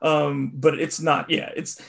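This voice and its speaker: A man co-hosting a casual sports talk show, chatting in an animated way. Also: on the high side, slow, gravelly. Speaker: podcast co-host.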